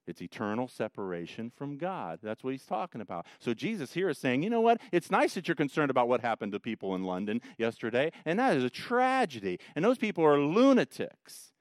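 A man preaching a sermon, emphatic, swinging between quiet, low passages and loud, rising ones. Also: sing-song, brisk, hardly any pauses, dry recording. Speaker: pastor.

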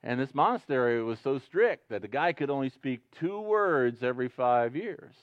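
A man's voice: medium pitch, lively intonation, normal speed, dry recording, lo-fi sound. A man preaching a sermon as pastor, talking conversationally and joking with the congregation, then growing emphatic. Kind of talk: sermon with jokes.

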